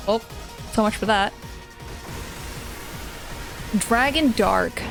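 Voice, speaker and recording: A young woman streaming a video game live, reacting out loud with giggles and emotional comments. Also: mid-range voice, moderate pace. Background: faint game music.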